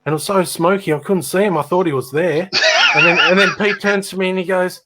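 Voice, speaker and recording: A man, co-hosting a casual chat and telling lively stories that act out the voices of the people in them. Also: a little high, fast, slight background noise. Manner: lively storyteller acting out voices.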